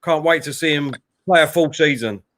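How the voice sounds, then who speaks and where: A man's voice: a little high, normal speed, fairly bright tone. A man with an East London accent hosting a football watchalong stream, reading out viewer messages in a friendly manner. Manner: reads out chat messages, friendly. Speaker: stream host. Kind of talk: casual football watchalong chat.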